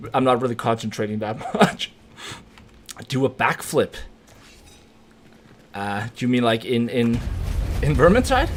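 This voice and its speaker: A young man from Denmark live-streaming a video game, reacting with swearing and yelps, then explaining game mechanics. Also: medium pitch. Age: 20s. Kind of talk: casual live-stream gaming chat.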